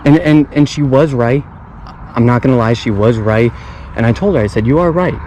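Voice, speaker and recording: A man's voice: medium pitch, moderate pace, darkish tone, slight background noise, poor audio. A young man filming a fishing vlog outdoors at a pond on an action camera, talking in a laid-back, chatty way and often repeating himself. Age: young adult. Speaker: fishing vlogger. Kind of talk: casual vlog commentary.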